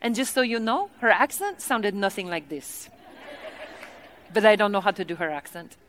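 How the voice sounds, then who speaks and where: A woman speaking from a church stage, telling humorous stories in an animated, playful and chatty way. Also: medium pitch, moderate pace. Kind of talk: humorous sermon storytelling.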